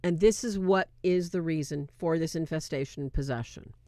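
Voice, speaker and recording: A woman's voice: sits low, normal speed, dark tone, no room sound. A woman casually recapping a film scene by scene, acting out bits of dialogue as she talks. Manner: retells scenes with acted-out quotes, chatty. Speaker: movie reviewer.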